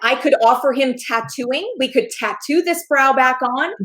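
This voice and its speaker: A woman guest on a podcast, telling a story in an animated way, laughing and acting out the voices of the people in it. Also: sits high, moderate pace, poor audio. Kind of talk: casual storytelling.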